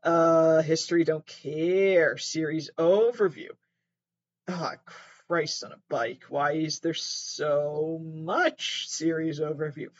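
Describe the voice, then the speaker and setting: This host speaks slowly in a fairly high voice, reading aloud from his mattress at home and riffing as he goes. The casual commentary wanders, leaning sarcastic and self-mocking with some curse words, and the recording's highs are cut off.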